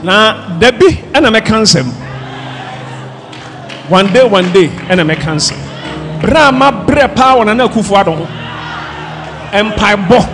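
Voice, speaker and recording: A man from Ghana, a pastor, preaching a fiery sermon with shouted, impassioned delivery over loud music and a crowd. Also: sits high, expressive, slow pace, long pauses.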